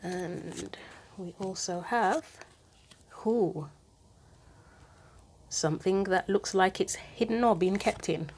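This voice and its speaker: A woman's voice: mid-range voice, unhurried, a little mellow, a little hiss or hum. A woman giving a casual tarot reading, thinking aloud in chatty asides and reading card guidance from a book. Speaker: tarot reader.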